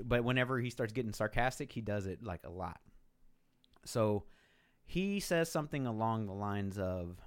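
Animated, swearing man telling a story. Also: lowish voice, normal speed. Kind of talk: casual chat.

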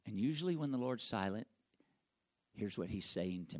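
Middle-aged male pastor, lively pitch, builds loud then drops to a hush. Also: moderate pace, long pauses. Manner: swings from loud emphatic peaks to hushed, near-whispered lines. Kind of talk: sermon storytelling.

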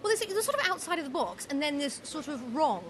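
A woman's voice: high voice, big pitch swings, fairly quick, background noise. A woman in casual chat, dry and incredulous, with wry asides.

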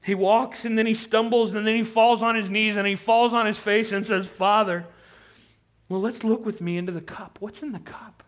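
A man's voice: high-pitched, fairly even intonation, a little fast, hardly any pauses. A man preaching a sermon with impassioned delivery, rising to pleading intensity. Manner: impassioned, rising to near-shouted pleading when quoting. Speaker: pastor.

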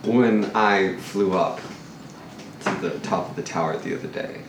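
A man with a very deep voice speaks matter-of-factly as a player in a tabletop game. He sounds roomy and distant, with noise underneath. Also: measured pace. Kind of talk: casual tabletop play.

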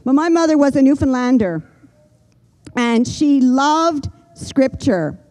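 An older woman delivers a sermon in an earnest, gentle way. Her voice sits slightly high but sounds mellow and warm. She slows down and pauses to let key lines land. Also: animated, poor audio. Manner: earnest, gentle preaching with slow emphatic pauses. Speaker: pastor.

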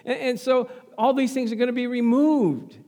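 Brief: a chuckling, expressive male preacher, high-pitched, sermon in a reverberant church. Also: normal speed. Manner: laughing, animated, talks back to the congregation.

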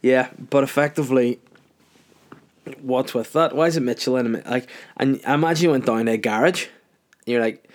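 A man's voice: mid-range voice, moderate pace. A man in his thirties with a Northern Irish accent, ranting casually on his solo podcast, profane and rambling. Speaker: podcast host.

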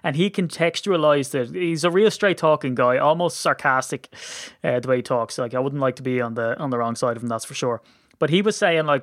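A man hosting a sports podcast in casual chat, jokey and teasing, feeling a bit rough. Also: medium pitch, no room sound, studio quality. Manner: chatty, jokey, quick to tease. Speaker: podcast host.

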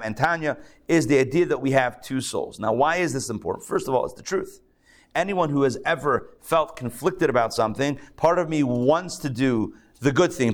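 A man, a rabbi, giving a conversational, joking lecture to a live class, thinking aloud and restarting his sentences. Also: mid-range voice. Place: synagogue class.

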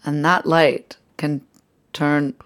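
A woman co-hosting a comedy podcast, trading dry, deadpan quips. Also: sits low, slow. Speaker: podcast co-host.

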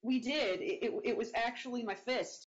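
Teasing deadpan woman on voice chat. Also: on the high side, moderate pace, lo-fi sound. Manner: deadpan teasing with stammered restarts. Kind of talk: casual online chat.

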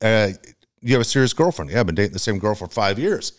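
A man co-hosting a casual radio podcast, telling stories in a profane, animated way. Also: on the low side, fast talker. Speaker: co-host.

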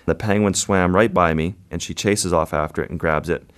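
Man, very low voice, measured storyteller, interview guest. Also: fairly bright tone, smooth. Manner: measured, vivid recounting. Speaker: guest photographer.

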